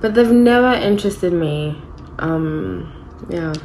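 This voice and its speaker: A woman in her thirties gives a casual, rambling tarot reading, chatty and often correcting herself. Her fairly low, darkish voice is expressive and slow, on poor audio with slight background noise.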